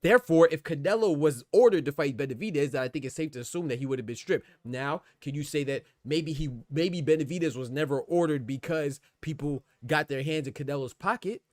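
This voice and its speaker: A man's voice: fairly high pitch, a little fast, few pauses, no room sound, studio quality. A man hosting a live boxing podcast, arguing his point in a rambling, insistent way and reading out chat comments. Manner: argumentative, rambling, repeats "man".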